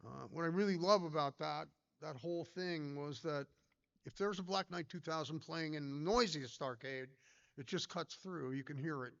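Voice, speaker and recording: Older man with a gravelly, rambling delivery. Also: on the high side, moderate pace, a bit bright, highs cut off. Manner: rambling, anecdotal, many fillers and restarts. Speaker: pinball designer giving a talk. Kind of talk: casual conference talk. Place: conference hall talk.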